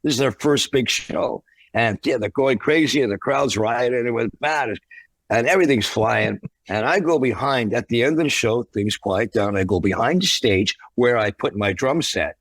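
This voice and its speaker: Brief: male guest musician telling a tour story, animated and expressive, dry close sound. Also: medium pitch, normal speed, no echo. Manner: animated, acts out the voices in his stories. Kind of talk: anecdotal storytelling.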